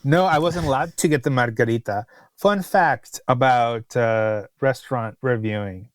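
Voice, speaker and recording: A man's voice: medium pitch, moderate pace, no echo. A man co-hosting a podcast and telling a long restaurant story in casual chat, with exasperated asides. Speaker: podcast co-host, restaurant critic.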